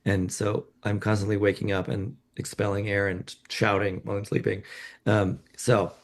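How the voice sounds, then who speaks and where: A man, a journalist being interviewed, who talks haltingly with many restarts and "you know"s. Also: fairly low pitch, level tone, creaky. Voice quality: scratchy voice. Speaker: journalist guest. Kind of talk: conversational interview.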